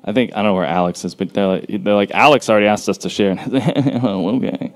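A man's voice: fairly low pitch, fairly quick, hardly any pauses, smooth. A man in his thirties speaking at a church, leading a prayer and then chatting in a loose, self-deprecating way with many fillers. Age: 30s. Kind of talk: prayer then casual sermon intro.

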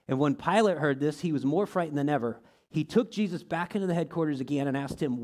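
A man's voice: animated, brisk. A man teaching a small church group in a conversational way, reading scripture aloud and asking many rhetorical questions. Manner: reads scripture aloud, shifts pitch and loudness often. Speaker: pastor or teacher.

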